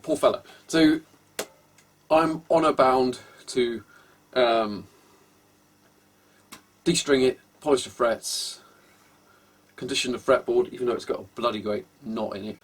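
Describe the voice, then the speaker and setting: A man's voice: medium pitch, a little slow, long pauses. A man giving casual, wry workshop commentary as he sets up a guitar, hesitating often and sounding exasperated, recorded on a camera microphone in an indoor workshop. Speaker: guitar repairer.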